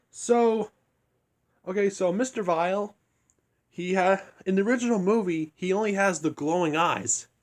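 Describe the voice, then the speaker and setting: Hushed, rambling young man, slightly high voice. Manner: rambling, hushed to keep from waking others. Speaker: reviewer. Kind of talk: casual retelling of a story.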